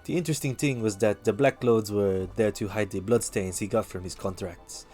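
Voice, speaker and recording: A man voicing a worldly bar patron who tells dark stories, in a put-on, vaguely Russian accent with a measured, lowered delivery while reading game dialogue aloud. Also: close to an everyday voice. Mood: storytelling. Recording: faint music behind.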